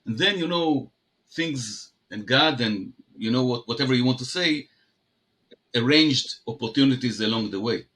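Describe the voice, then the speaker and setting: A man's voice: mid-range voice, animated, a bit bright. A man from Israel with an Israeli accent, a guest entrepreneur telling stories in an interview, often restarting his sentences. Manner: halting, many restarts and fillers. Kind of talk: conversational interview.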